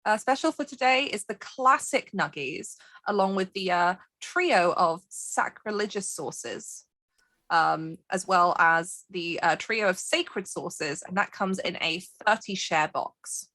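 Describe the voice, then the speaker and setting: A woman's voice: lowish voice, slow, sharp tone, no echo, clean studio sound, full character voice. A woman voicing a cheerful female takeaway worker who takes phone orders in a chirpy, helpful manner.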